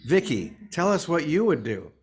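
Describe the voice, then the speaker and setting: A man's voice: fairly high pitch, very animated, normal speed, a little hiss or hum. A man leading a morning spiritual session in a playful, humorous way, calling on listeners by name. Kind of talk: informal sermon.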